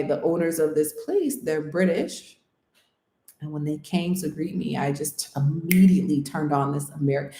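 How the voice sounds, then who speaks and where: A woman's voice: low-pitched, a little mellow. A woman from the United States in a casual, reflective interview, talking earnestly, thinking aloud and often checking in with "right?". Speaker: interviewee, channel host. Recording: roomy echo.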